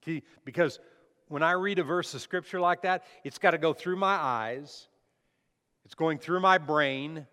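A man's voice: fairly high pitch, sharp tone. Man preaching in a hall. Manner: conversational preaching with frequent restarts. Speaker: pastor. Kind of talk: sermon. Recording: long hall reverb.

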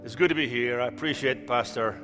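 Guest preacher, man in his 50s: joking, storytelling sermon, loud-to-soft swings, long church-hall reverb. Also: medium pitch, brisk, faint music behind. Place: church sanctuary.

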